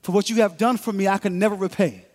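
A preacher voicing a humble young soldier. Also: male voice, sits high, steady tone, fast, darkish tone, long reverb tail. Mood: earnest. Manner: earnest, polite.

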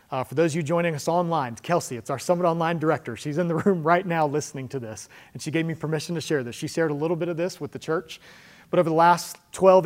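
A man preaching a sermon in a church, conversational, slowing down to stress key lines and asking the room questions. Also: on the high side. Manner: conversational preaching, slows for emphasis, rhetorical questions. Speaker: pastor. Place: church sanctuary with congregation.

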